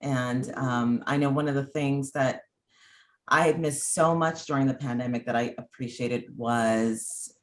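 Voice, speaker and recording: Thoughtful woman host on a video call. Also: very deep voice. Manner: thoughtful, pausing with ums. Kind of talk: casual interview over video call.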